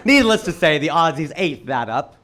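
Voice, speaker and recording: Animated man doing stand-up. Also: fairly high pitch, moderate pace, noisy background. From United States. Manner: animated storytelling, punchy asides to the crowd. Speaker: stand-up comedian. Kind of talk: stand-up comedy set.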